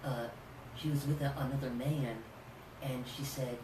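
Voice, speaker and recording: A man telling rambling comedic stories as a podcast guest, halting with many fillers. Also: medium pitch, steady tone. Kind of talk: casual comedic storytelling. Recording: echoey room, far from mic, background noise.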